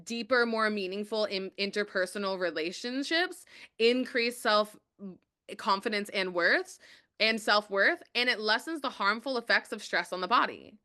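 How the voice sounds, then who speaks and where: An upbeat woman hosting a motivational webinar from home over a video call, encouraging her viewers and reading out their chat replies. Her voice is bright and forward, smooth and crisply clear. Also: medium pitch, moderate pace. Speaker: webinar host.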